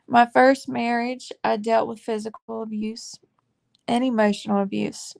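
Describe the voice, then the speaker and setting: A woman in her forties giving a heartfelt faith testimony to her viewers, earnest and confiding, halting with fillers and saying y'all, close to tears. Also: a little high, level tone, vocal fry, darkish tone. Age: 40s. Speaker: faith vlogger.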